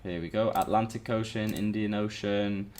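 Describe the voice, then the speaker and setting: A man's voice: on the low side, fairly even intonation, moderate pace, a little mellow, a little hiss or hum. A man teaching a live online lesson, chatting with his students and greeting them by name as he explains.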